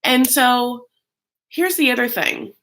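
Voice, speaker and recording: Chatty, bright-voiced male reaction host. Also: very high voice, slow pace. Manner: chatty and animated, many fillers, bursts of mock voices. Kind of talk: casual live reaction commentary.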